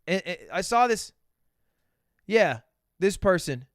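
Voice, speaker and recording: A young man streams and reacts to clips in loose, rambling talk full of swearing. His pitch sits a little high and swings widely, and the sound is very dry, with no room echo. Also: takes it slowly. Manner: animated, rambling, swears a lot. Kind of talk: casual reaction commentary.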